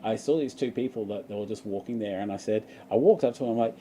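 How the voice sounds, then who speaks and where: A young man with an Australian accent tells a long, wandering story to his livestream viewers, laughing often as he goes. His voice is dark and mellow. A faint hiss sits under the recording. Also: on the low side, quick pace. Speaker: vlogger. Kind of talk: casual livestream chat.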